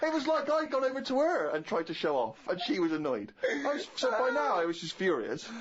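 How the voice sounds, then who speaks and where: Englishman co-host, quick animated storyteller, fairly high voice, dull lo-fi sound. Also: a little hiss or hum. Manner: animated, rapid anecdotal delivery. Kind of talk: comic storytelling on a podcast.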